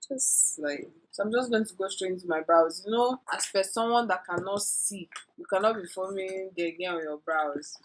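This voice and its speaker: A woman's voice: medium pitch, a little hiss or hum, rough recording. A woman talking viewers through a makeup tutorial in a chatty, playful way, giving tips and drifting into asides. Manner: instructive, addresses viewers directly. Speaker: beauty vlogger.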